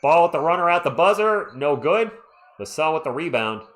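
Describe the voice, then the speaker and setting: A man with a fairly high voice calls basketball play-by-play on his own live stream, and his pitch jumps around a lot as he gets excited. He rambles casually, stops to answer viewer comments, and cheers for his team between calls. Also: fairly quick.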